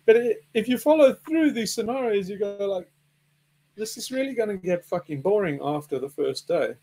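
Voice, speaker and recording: A man ranting casually and sardonically, swearing a lot and acting out quick little voices. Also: on the high side, mellow. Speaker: podcast host. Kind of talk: casual rant.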